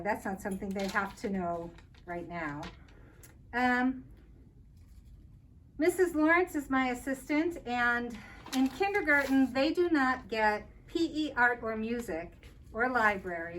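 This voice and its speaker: A woman's voice: fairly high pitch, fairly bright tone. An older woman, a kindergarten teacher, giving a friendly step-by-step talk to parents and counting aloud as she explains. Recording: distant mic with faint noise.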